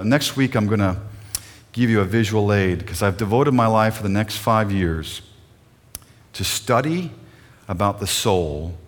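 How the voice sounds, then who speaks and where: A man's voice: fairly low pitch, big-room sound. A middle-aged male pastor preaching a sermon in an earnest, emotional way, often putting questions to the congregation.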